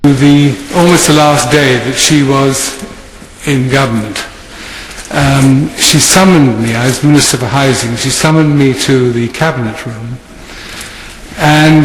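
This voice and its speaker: A former minister giving a speech with halting delivery and many fillers. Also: male voice, medium pitch, a little hiss or hum. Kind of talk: speech to an audience. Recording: echoey hall.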